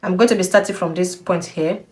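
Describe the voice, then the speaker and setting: A woman's voice: on the low side, a little mellow. A young woman giving a patient step-by-step sewing tutorial, repeating key points and checking in with the viewer. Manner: slow, patient, repeats instructions with frequent "okay?". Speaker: sewing instructor.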